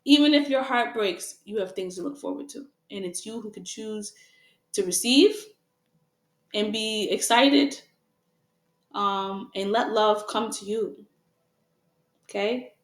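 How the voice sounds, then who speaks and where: A woman's voice: mid-range voice, a little slow, pauses often, fairly bright tone, echoey room. A woman giving a casual tarot reading to her viewers, frank and repetitive, asking rhetorical questions and laughing often. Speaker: tarot reader.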